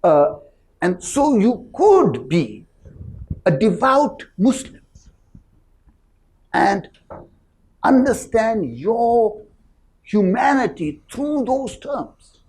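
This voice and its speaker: A panelist in a discussion who speaks in a slow, measured and thoughtful way. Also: medium pitch, sing-song, a little mellow, low-quality recording.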